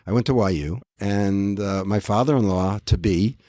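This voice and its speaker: A man in his seventies from the United States, a guest telling stories in a measured, reflective way with dry humor. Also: fairly low pitch, mellow, no room sound. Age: 70s. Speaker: guest, diamond company head. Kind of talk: casual interview talk.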